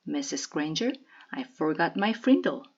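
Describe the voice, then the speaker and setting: A woman's voice: deep voice, sing-song, a little slow, breathy edge, highs cut off, exaggerated voice. A woman reading the lines of a bold young schoolboy who acts innocent and polite, from a storybook.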